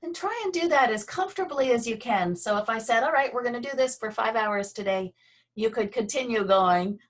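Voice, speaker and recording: Woman, movement teacher, gentle guiding voice, unhurried pauses, video call. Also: fairly high pitch. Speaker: Feldenkrais movement instructor. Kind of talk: guided movement and voice lesson.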